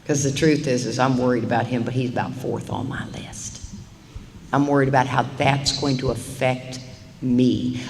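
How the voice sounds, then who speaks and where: A middle-aged woman speaks to a live meeting audience in a recovery talk. She is animated and acts out quick little exchanges as she makes her points. Her voice carries with a long hall reverb over a faint hiss. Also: rumbling low.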